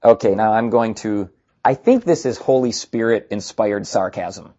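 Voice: medium pitch, normal speed, warm tone, lo-fi sound. A pastor preaching a conversational sermon with sarcastic asides.

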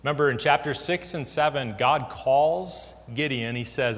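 A man's voice: mid-range voice, normal speed, hardly any pauses, a bit bright. A man giving a casual Bible lesson, conversational, with many fillers and restarts. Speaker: Bible teacher. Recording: long hall reverb.

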